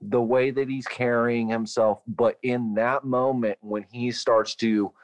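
A man's voice: mid-range voice, fairly even intonation, unhurried, no echo. A man co-hosting a casual film discussion, talking bluntly with a lot of swearing. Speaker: podcast co-host.

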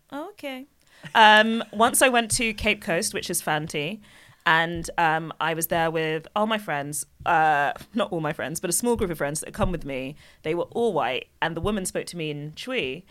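A woman comedian chatting on a podcast, her lowish voice bright and forceful. She spins playful anecdotes and breaks into laughter between lines. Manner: playful storytelling, laughs often. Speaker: guest comedian. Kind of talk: casual podcast chat.

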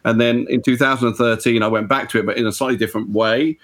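A man's voice: mid-range voice, steady tone, quick pace. A man, a comedian chatting casually in a conversation, rambling with restarts.

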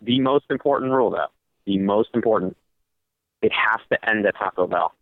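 Man on a tinny call, lowish voice, dry jokey rule-giver, close and dry sound. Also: moderate pace, dry recording. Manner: joking, deadpan rule-giving. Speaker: guest giving rules. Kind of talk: casual chat. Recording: tinny phone-line sound.

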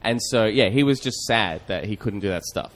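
A man's voice: fairly low pitch, normal speed, fairly bright tone. A man, a comedian hosting a podcast who tells a story in a rambling, self-deprecating way with lots of fillers. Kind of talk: casual storytelling.

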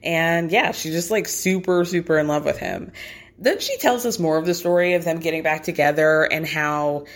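A young woman casually recapping a reality show in a gossipy, chatty way, full of asides. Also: lowish voice.

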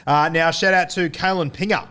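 A man's voice: a little high, steady tone, normal speed, a crowd in the background. A young Australian man co-hosting a podcast, chatting loosely, joking and swearing freely. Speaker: podcast co-host. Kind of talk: casual podcast banter.

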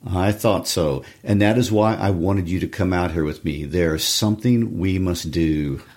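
A man reading as headstrong Antigone, deep and firm. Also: moderate pace, darkish tone. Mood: earnest. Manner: firm, determined read-aloud. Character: brave headstrong young woman, Antigone. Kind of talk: classroom play reading.

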